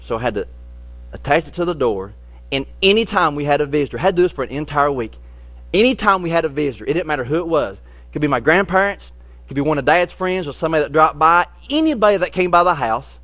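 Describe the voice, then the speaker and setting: A man's voice: on the high side, fairly bright tone, dry recording. A man preaching a sermon as a pastor, telling a childhood story and acting out the voices in it. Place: church sanctuary.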